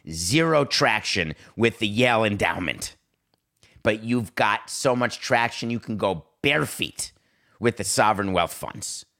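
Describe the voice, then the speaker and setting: Sarcastic middle-aged guy doing a sports rant, kinda low voice, lots of mocking. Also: fairly bright tone. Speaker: podcast host. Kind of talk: sports talk monologue.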